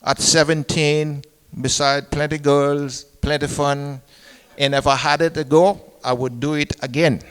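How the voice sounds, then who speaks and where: An older man speaks emphatically as he looks back on his years at sea. His voice sits a little high for a man, and a long hall echo trails after it. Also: little pitch movement, a little slow, fairly bright tone, clean tone. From Cayman Islands. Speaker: retired seafarer on a panel. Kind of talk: recollection to an audience.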